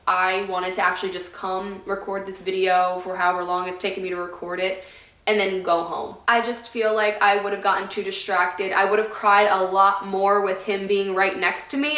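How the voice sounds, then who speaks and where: A woman's voice: mid-range voice, pushed and bright. Heartfelt, rambling woman vlogger, echoey room. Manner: heartfelt, rambling, loses her train of thought. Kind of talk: casual sit-down talk to camera. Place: indoor room away from her home.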